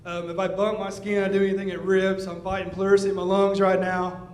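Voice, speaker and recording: A man's voice: high voice, level tone, brisk. A man, a wrestler, giving an earnest speech to the fans from the ring. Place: wrestling arena. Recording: echoey arena, loud crowd noise.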